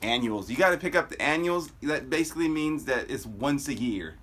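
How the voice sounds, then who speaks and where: Man, comic read-aloud host, offhand asides, lively pitch. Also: fairly quick. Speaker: comic book reader.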